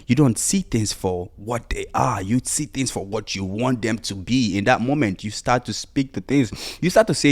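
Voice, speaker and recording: With a mid-range voice at a moderate pace and hardly any pauses, a man urges his listeners on in a solo motivational podcast. He talks casually yet insistently, repeating points and leaning on "you know" as filler.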